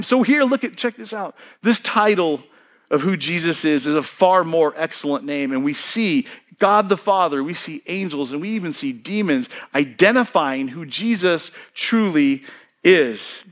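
A middle-aged male pastor preaching with lively emphasis and a fairly high voice. He quizzes the congregation and then answers the questions himself, swinging his pitch up and down as he drives each point home. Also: measured pace. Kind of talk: sermon.

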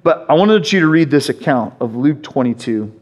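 A man's voice: medium pitch, animated, moderate pace. A man preaching a sermon as a pastor, passionate and emphatic, often restarting his phrases as he pushes a point.

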